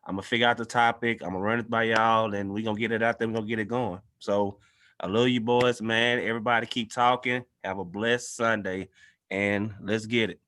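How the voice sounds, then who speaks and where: A man's voice: lowish voice, steady tone, fairly quick, a bit bright, slight background noise. A man guest-hosting a podcast, talking in an earnest, loose and conversational way. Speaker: guest host. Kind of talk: casual podcast discussion.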